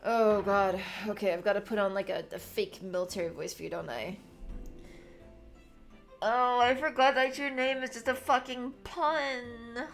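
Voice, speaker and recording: A woman's voice: a little high, steady tone, moderate pace, faint music behind. A woman streamer making wry, casual asides while playing a game.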